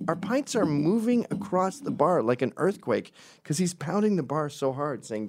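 A man's voice: medium pitch, lively intonation, a little fast, few pauses, a little mellow, slight background noise. A middle-aged man from Scotland telling a crude, rambling comic story at home at night.

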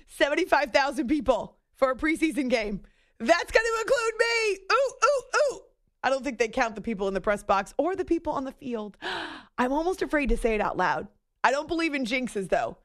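A woman hosts a late-night sports radio show into a studio microphone. She talks in a loose, chatty way, makes fun of herself and breaks into little giggles. Her voice sits a bit higher than most. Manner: chatty, self-mocking, giggly asides.

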